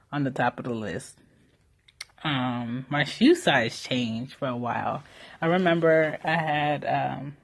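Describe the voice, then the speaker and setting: A woman's voice: a bass voice, slightly rough. A young woman hosting a solo podcast, talking candidly and casually about motherhood, with fillers and mild swearing. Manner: candid, conversational, with frequent fillers and mild profanity. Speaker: podcast host.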